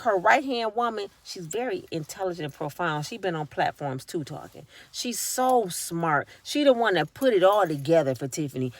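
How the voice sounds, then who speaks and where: A woman giving casual commentary, animated and acting out the voices of the people she talks about. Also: medium pitch, no room sound. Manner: animated, acts out voices of others mid-story. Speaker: vlogger.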